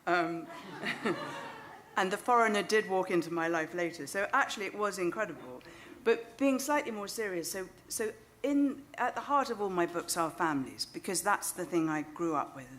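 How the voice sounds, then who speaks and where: British woman author, middle-aged, a little low-pitched, chatty stage anecdote, wry self-mockery. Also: animated, normal speed, fairly bright tone, a little hiss or hum. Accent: British English. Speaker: novelist. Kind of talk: live storytelling on stage. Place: stage of a small club venue.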